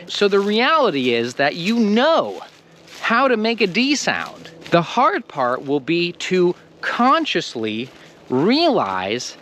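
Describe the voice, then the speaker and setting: Slow, emphatic American man teaching. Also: sits high, a little hiss or hum. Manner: slow, emphatic, lively delivery with stressed word endings. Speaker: English pronunciation teacher. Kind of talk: scripted lesson to camera.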